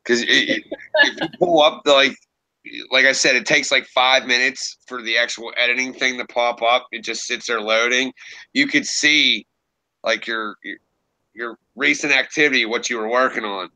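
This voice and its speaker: A man's voice: mid-range voice, steady tone, moderate pace, bright, forceful tone, poor audio. A young man streaming from home, chatting casually, rambling and profane, often laughing at himself. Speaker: streamer and creepypasta narrator. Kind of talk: casual livestream chat. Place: home room.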